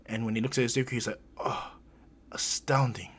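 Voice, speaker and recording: A man's voice: mid-range voice, level tone, rapid-fire, slightly rough. A man improvising a fan fiction story in a rambling, conversational way.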